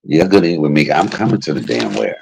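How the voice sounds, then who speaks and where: A man's voice: extremely low pitch, very animated, rapid-fire, background noise. A man hosting a casual livestream, chatting with viewers in a brash, joking way and cursing freely. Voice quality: gravelly and husky. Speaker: livestream host.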